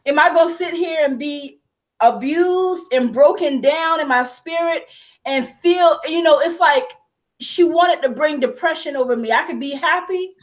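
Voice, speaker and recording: A young woman with a high voice speaks through tears in a heartfelt personal conversation. Her voice keeps breaking as she talks, yet she keeps going. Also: poor audio. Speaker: host.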